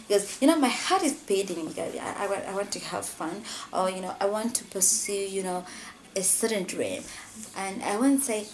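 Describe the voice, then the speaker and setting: A woman's voice: mid-range voice, normal speed, a little hiss or hum, poor audio. A young woman talking earnestly to her camera in a rambling personal vlog, filling her sentences with "you know.". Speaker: vlogger.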